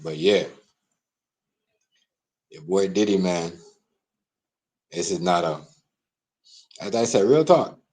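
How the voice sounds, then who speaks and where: A young man, live-streaming a heated, repetitive rant that swings from loud outbursts to low mutters. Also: animated, slow pace, pauses often, poor audio. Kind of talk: ranting live-stream commentary.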